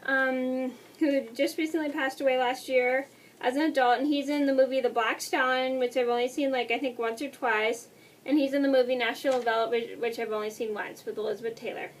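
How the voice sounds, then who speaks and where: Young woman in her twenties, high voice, quick rambling vlog talk, heard a bit off the mic. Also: steady tone, far from the mic, a little hiss or hum. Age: 20s. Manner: fast, rambling, apologetic. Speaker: vlogger. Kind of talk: casual movie review.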